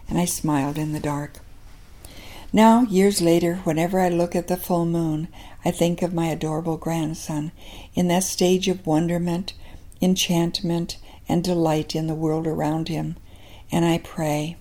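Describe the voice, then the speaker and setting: An older woman, a grandmother, hosting a devotional radio program and telling a personal story in a gentle, unhurried way. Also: fairly low pitch, fairly even intonation.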